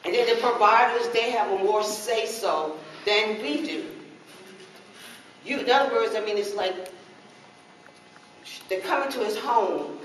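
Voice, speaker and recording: A woman's voice: mid-range voice, a little slow, long pauses. A middle-aged woman speaking passionately as a parent caregiver at a public forum, pleading and repeating herself. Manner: impassioned, pleading, repetitive. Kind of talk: emotional public comment. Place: public meeting hall. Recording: echoey hall from far off, noisy.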